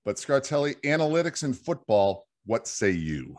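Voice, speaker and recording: A man's voice: medium pitch, sing-song, moderate pace. A man hosting a casual sports podcast, reading listener emails with wry banter. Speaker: podcast host.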